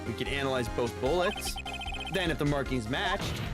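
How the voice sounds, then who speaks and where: A streamer voicing a determined young male defense attorney in a game, pressing his case point by point, over loud game music. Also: medium pitch, lively intonation, moderate pace, close to an everyday voice. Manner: pressing, accusatory, building a case. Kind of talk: game dialogue read aloud.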